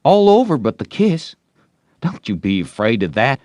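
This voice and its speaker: A man's voice: mid-range voice, sing-song, normal speed, darkish tone, dry recording, studio quality, voice pushed up, natural voice. A man voicing an eager, smitten young boy in an audiobook, talking in a coaxing, boastful way. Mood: pleading. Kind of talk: audiobook reading.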